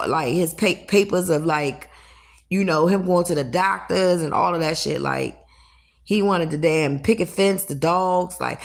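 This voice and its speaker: Low, gravelly, blunt-talking woman. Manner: blunt, profane, animated storytelling. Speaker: livestreamer. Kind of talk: casual livestream chat.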